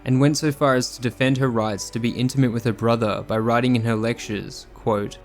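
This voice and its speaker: A man reading a scripted true crime narration in a measured, sombre manner. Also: medium pitch, fairly even intonation, faint music behind.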